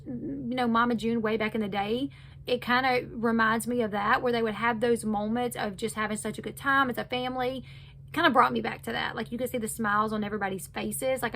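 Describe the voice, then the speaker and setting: Woman, casual show recap, fairly high voice, faint hiss behind. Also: pushed and bright. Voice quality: chatty, loose retelling with many fillers. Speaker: recap host.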